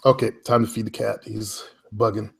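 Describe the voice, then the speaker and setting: A man coaching a client in online marketing over a casual call from home, relaxed and rambling, often correcting himself. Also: fairly low pitch, normal speed, vocal fry, slightly rough.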